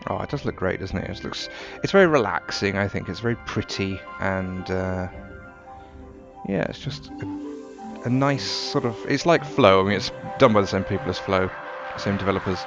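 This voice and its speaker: A man giving relaxed, wry, rambling commentary while playing a video game. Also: low voice, normal speed. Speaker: gameplay commentator. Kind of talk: casual gameplay commentary. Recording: dull lo-fi sound with game music behind. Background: game music.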